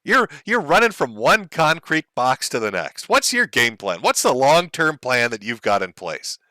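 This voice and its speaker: A man's voice: mid-range voice, very animated, normal speed, sharp tone, no echo. A man hosting a livestream, mocking and sarcastic, swearing and laughing at his own jokes. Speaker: livestream host.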